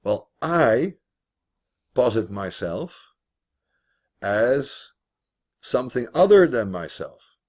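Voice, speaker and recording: A man's voice: medium pitch, very animated, slow pace, long pauses, a little mellow. A man teaching philosophy online in a video call, thinking aloud as he explains, with restarts and repeated words.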